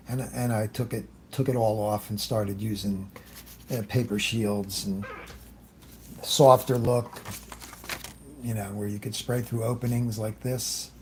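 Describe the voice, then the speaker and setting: Easygoing man host of a live art demo, slow and mellow, chatty and meandering, greets viewers by name. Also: lowish voice, a little hiss or hum. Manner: talks while working, trailing off often. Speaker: airbrush artist hosting a livestream. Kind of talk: casual live demonstration.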